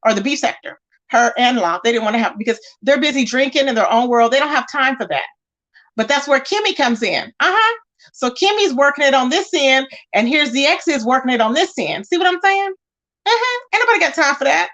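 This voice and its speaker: High-voiced sassy woman chatting live. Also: a bit bright. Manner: chatty, sassy, greets viewers by name. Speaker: livestream host. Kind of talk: casual live chat, reading viewer comments.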